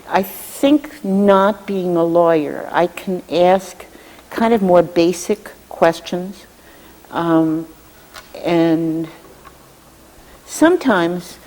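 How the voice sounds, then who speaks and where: A woman legislator and committee chair giving measured, thoughtful answers in a televised interview, often pausing with fillers. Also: fairly low pitch, darkish tone. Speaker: state representative and committee chair. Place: state house studio. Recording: reverberant room with long echo.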